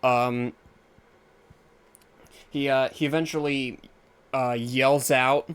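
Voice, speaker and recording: Amused, smooth-voiced male game master. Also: mid-range voice, little pitch movement, takes it slowly, pauses often, a bit bright. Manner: chuckling, loose and amused narration. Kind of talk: narrating a tabletop game.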